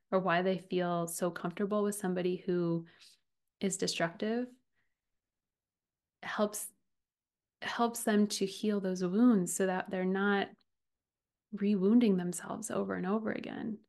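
A woman in her thirties hosting a podcast, talking earnestly and from the heart about relationships, often with a soft laugh. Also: mid-range voice. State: getting emotional. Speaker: podcast host and relationship coach. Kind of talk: personal podcast monologue.

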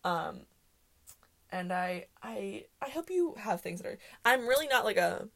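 At a measured pace, a young woman with a medium-pitched, expressive, slightly bright and creaky voice hosts a solo podcast. She chats loosely and rambles, leaning on fillers, cutting herself off, and laughing a lot while speaking.

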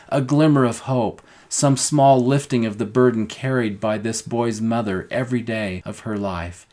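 A middle-aged man with a somewhat low voice teaches a gospel lesson. He reads quotations with earnest, tender emphasis. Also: measured pace, few pauses, darkish tone. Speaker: scripture teacher. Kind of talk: gospel lesson with quoted talk.

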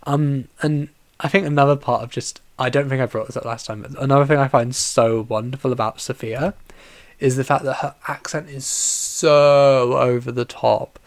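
Gravelly, rambling solo podcast host. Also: medium pitch, steady tone, moderate pace, no room sound. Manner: rambling, heavy use of "like" fillers and restarts. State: tired and yawning. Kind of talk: casual solo podcast chat about a film.

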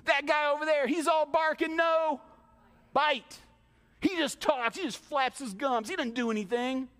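A man with a very high, light voice preaching to his congregation, driving home points with rhetorical questions and playful acted-out asides. His words ring through a church hall with a long reverb. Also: fairly even intonation, a little slow, fairly bright tone. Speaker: pastor. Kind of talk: sermon.

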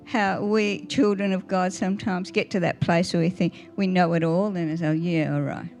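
A woman's voice: on the low side, level tone, normal speed, faint music behind. An older woman, telling family stories in a Mother's Day church talk and often asking the congregation questions. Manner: warm storytelling with little laughs, asks the audience questions. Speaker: guest speaker at church.

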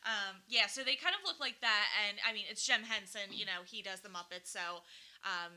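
A woman's voice: medium pitch, brisk, sharp tone. A woman from the Philadelphia suburbs with a local accent, chatting in a rambling way on a movie podcast. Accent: Philadelphia area. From Delaware County, Pennsylvania. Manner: rambling, chatty, trails off with fillers. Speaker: podcast co-host. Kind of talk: casual movie chat.

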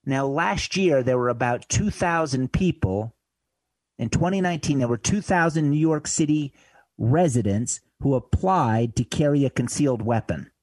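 A man's voice: medium pitch, lively intonation, normal speed, darkish tone, no echo. Male radio host, mid-range voice, casual rambling delivery, dry studio sound. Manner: conversational, loose, with fillers and asides. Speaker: radio talk show host. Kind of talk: talk radio monologue. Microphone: studio microphone.

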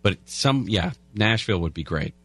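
A man's voice: on the low side, expressive, normal speed, slightly rough, dry recording. A man hosting a talk radio show, chatting casually and reading headlines with rambling asides. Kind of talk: talk radio chat and news rundown. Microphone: studio broadcast mic.

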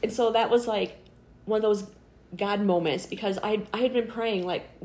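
A woman's voice: mid-range voice, moderate pace, darkish tone, reverberant, a little hiss or hum. A middle-aged woman telling a personal faith story in casual conversation. She is earnest and chatty, with many fillers, and acts out the voices she quotes. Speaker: interviewee.

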